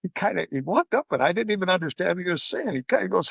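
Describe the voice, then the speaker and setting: Gravelly older man telling stories. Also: high-pitched, fast talker, no echo. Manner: animated anecdotes, acting out quoted voices. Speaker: podcast guest, speaker and coach. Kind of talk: casual interview storytelling.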